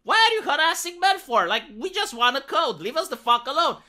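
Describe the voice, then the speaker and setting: A woman mimicking an exasperated male engineer in a high, swearing, fed-up voice. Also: very animated, fairly quick, sharp tone, full character voice.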